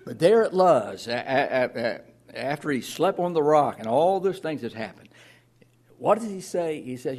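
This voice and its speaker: A man's voice: on the high side, sing-song, normal speed. Man, pastor, sermon, earnest, restarts and repeats words, reads scripture aloud.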